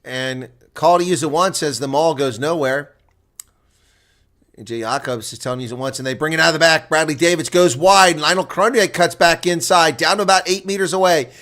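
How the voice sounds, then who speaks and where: Bright-voiced male rugby play-by-play commentator. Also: a little high, normal speed. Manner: excitable, rising to near shouting on attacking plays. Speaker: live reaction commentator.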